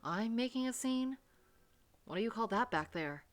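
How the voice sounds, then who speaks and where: Woman as a brash young American woman, defensive and brisk; first-person game narration. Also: a little high, animated, lightly acted.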